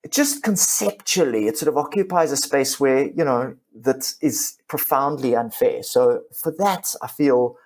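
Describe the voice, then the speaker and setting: A man's voice: mid-range voice, a little slow, hardly any pauses, darkish tone, a little hiss or hum. A middle-aged comedian and ventriloquist, talking candidly and reflectively as a podcast guest, often restarting his sentences.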